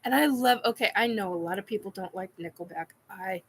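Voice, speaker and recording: A woman's voice: mid-range voice, brisk, slight background noise. A woman hosting a casual live chat, giddy, laughing often and swearing while she answers comments. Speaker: live stream host. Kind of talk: casual live chat reacting to a painting video.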